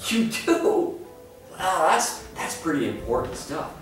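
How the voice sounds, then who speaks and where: A woman with a low, sing-song voice speaks slowly as she playfully interviews young children, teasing them with questions and exclamations. She sounds far off in an echoey room, with music playing behind her.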